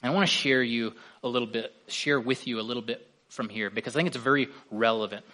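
A man delivering a sermon in an earnest pastoral voice of middle pitch. He leans hard into key words and lets them swell, then drops back to a calm, even teaching tone. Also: quick pace.

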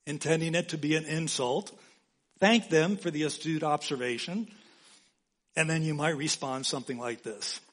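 A man preaching a sermon as pastor, slow and emphatic, repeating key phrases for weight. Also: mid-range voice.

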